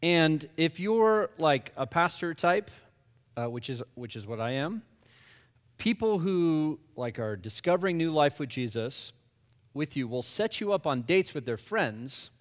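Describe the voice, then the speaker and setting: Male pastor, casual storyteller, self-deprecating, slightly high voice, reverberant hall. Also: big pitch swings, a little slow. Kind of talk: storytelling talk to an audience.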